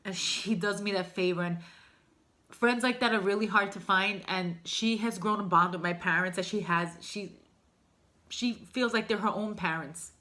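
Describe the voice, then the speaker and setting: A woman's voice: mid-range voice, moderate pace, pushed and bright. A woman vlogger telling a personal story to camera in a candid, emotional, rambling way. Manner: emotional, heartfelt, rambling with fillers.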